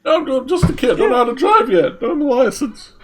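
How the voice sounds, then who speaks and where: A man's voice: big pitch swings, fairly quick, heavily acted. A man putting on the voice of a nervous young boy pleading innocence in a tabletop game. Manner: high, pleading, flustered.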